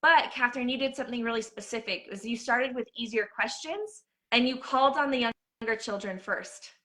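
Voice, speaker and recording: A woman's voice: fairly high pitch, brisk, sharp tone. A woman hosting a casual chat about teaching children, enthusiastic and full of praise. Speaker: host.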